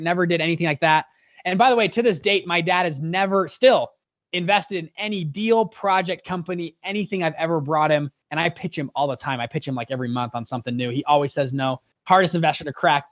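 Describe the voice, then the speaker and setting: A young man in his twenties, an interview guest, telling a story energetically, with many quick restarts. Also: a little high, no echo, lo-fi sound. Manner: energetic, fast-talking storyteller with frequent restarts. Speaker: guest, fund founder.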